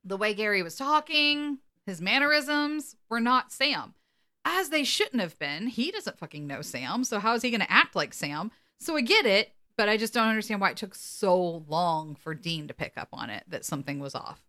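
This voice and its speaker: A woman co-hosting a podcast, casually recapping an episode with animated, laughing delivery. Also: mid-range voice, moderate pace. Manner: animated, acts out quotes, laughs often. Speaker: podcast co-host.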